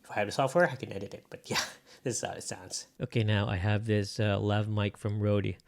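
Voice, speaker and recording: Low, gravelly Filipino-accented man. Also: steady tone, fairly quick. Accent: Filipino, Bisaya. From Philippines. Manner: rambling, unscripted, lots of fillers. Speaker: vlogger. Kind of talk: casual gear-testing vlog. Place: indoor room. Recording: echoey room, mic changes.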